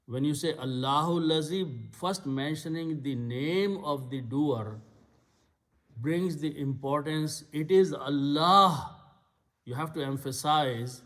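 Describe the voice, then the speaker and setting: Slow, patient male grammar teacher. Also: a little high. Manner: patient, explains step by step, repeats key words. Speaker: Quran Arabic teacher. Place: Islamic center classroom.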